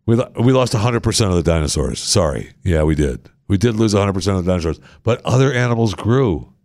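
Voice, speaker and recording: A man hosting a comedy podcast, mocking news clips and crooning at them in a low, soothing voice. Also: animated, fast, a little mellow, dry recording, studio quality. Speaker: podcast host. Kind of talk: comedic commentary over clips.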